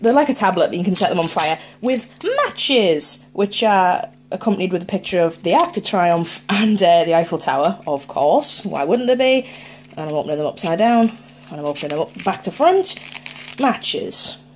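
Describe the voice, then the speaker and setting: A woman's voice: on the low side, lively intonation, normal speed. Woman doing a chatty unboxing vlog, bouncy voice that goes up and down a lot, bit of hum behind. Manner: chatty, playful, thinking aloud. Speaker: unboxing vlogger. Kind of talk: casual unboxing chat.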